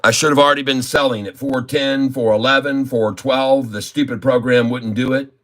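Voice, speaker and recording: A man vlogging his day trading live, grumbling and cursing at his trading software. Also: medium pitch, steady tone, normal speed. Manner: grumbling, cursing, exasperated muttering. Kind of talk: casual live trading commentary.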